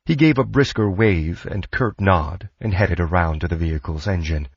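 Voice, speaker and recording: Husky low-voiced male narrator. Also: normal speed, no room sound, muffled recording. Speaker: audiobook narrator. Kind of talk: scripted narration.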